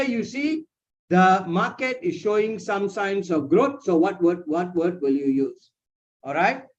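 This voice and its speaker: A man's voice: fairly high pitch, a little mellow. A man tutoring over a video call, patiently explaining grammar and often checking with "huh?" and "you see". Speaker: English tutor. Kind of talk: one-on-one online lesson. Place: personal meeting room, indoors. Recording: dull lo-fi video call audio.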